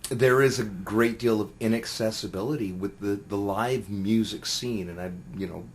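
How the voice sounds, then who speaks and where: A man's voice: on the low side, normal speed. A middle-aged man, a musician, chatting in an interview, rambling with lots of fillers and restarts. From Canada. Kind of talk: casual interview chat.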